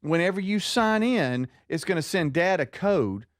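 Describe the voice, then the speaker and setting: A man's voice: high voice, lively intonation, a little slow, no echo, clean studio sound. A man co-hosting a talk show, telling a family story and acting out the voices of the people in it. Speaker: podcast co-host.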